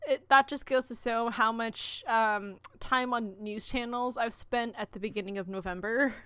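Female podcast co-host, slightly high, dry close mic, sarcastic casual banter. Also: steady tone, moderate pace, pushed and bright, clean tone, dry recording. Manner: sarcastic, joking. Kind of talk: casual chat.

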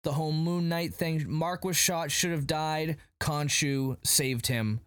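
A man's voice: on the high side, fairly even intonation, a little slow, fairly bright tone, clean tone, dry recording. A man hosting a casual podcast chat, animatedly retelling a TV episode and paraphrasing the characters' lines. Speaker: podcast host recapping a TV episode.

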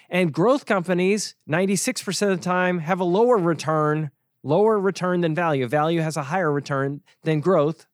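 Man, host, high voice, conversational, sarcastic asides, dry close sound. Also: dry recording. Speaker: podcast host and financial educator. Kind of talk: casual explanatory talk.

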